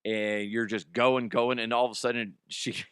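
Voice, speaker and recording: A man's voice: medium pitch, level tone, moderate pace, fairly bright tone, clear, resonant tone, dry recording, clean studio sound. A man hosting a comedic news show, talking in a rambling, profane way with frequent laughter. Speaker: podcast host.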